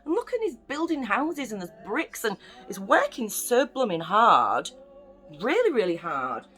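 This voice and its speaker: A woman's voice: on the high side, sing-song, unhurried, a bit bright, faint music behind. A young woman from the UK reading a children's bedtime story aloud, with chatty, playful asides to the listening children. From United Kingdom.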